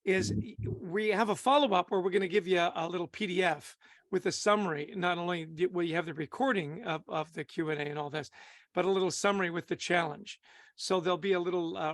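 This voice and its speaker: Upbeat male trainer, raised gravelly voice, restarts his sentences, leads the group. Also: high voice, dry recording. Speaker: leadership trainer. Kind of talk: facilitating a training call.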